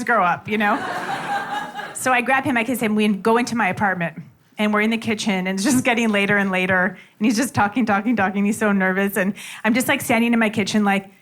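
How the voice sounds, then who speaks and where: Chatty woman comic, fairly high voice. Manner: chatty, animated storytelling with frequent fillers. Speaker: stand-up comedian. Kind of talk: stand-up comedy set. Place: comedy club stage with audience laughing. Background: audience laughter.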